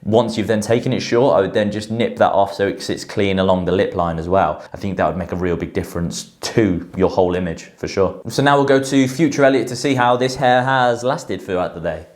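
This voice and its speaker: Chatty, low-voiced male grooming host. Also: brisk, few pauses. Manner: chatty, repeats stock phrases like 'in through there'. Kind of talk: casual grooming advice vlog.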